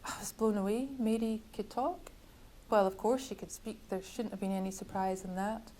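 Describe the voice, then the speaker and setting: A woman author reading from her own novel at a bookshop event, measured and wryly literary. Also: medium pitch, steady tone, dark tone, poor audio.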